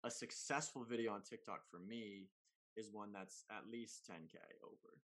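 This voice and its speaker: A man who makes comedy videos, talking in a casual, slangy, animated way on a podcast, with big swings in pitch and loudness. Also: normal speed. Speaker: comedy content creator guest.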